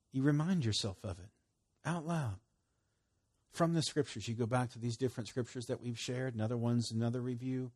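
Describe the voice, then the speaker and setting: A man preaching a relaxed, conversational sermon, his voice rising for emphasis and dropping to a murmur. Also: breathy edge. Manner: conversational, swinging between loud emphasis and low murmurs. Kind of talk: sermon teaching.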